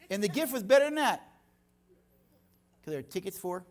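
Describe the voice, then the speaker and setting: An older man preaching a sermon in a church, telling stories with lively energy. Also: high voice, moderate pace, long pauses. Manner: storytelling, animated. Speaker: guest speaker.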